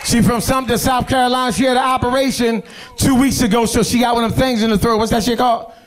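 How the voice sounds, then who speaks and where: Brash profane Philly stand-up comic. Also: male voice, very high-pitched, quick pace, faint music behind, a faint crowd. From Philadelphia. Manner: brash, profane, animated storytelling. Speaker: stand-up comedian. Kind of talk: stand-up comedy. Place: comedy stage.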